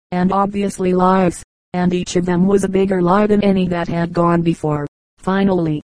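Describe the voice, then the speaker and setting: Woman reading stories, mellow dry voice. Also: on the low side, no echo, rough recording. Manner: steady storytelling read. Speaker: audiobook reader. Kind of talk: scripted narration.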